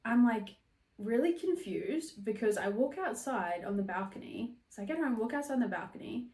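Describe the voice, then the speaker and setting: A woman's voice: on the high side, expressive, normal speed, darkish tone, distant mic. Chatty young woman telling a story. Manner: chatty, swears casually. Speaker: podcast host. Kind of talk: casual storytelling. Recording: roomy echo.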